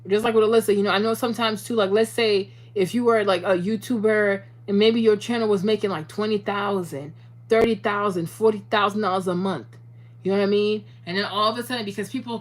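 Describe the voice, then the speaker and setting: A young adult woman talking straight to her viewers in a casual, animated monologue, cursing freely and slipping into preachy advice. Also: mid-range voice. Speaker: YouTuber.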